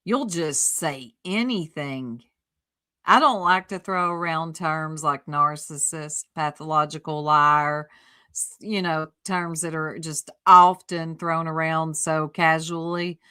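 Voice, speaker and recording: A woman's voice: sits low, takes it slowly, sharp tone, clean tone. A woman streamer giving blunt, mocking commentary on a clip, laughing often. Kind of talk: reaction commentary.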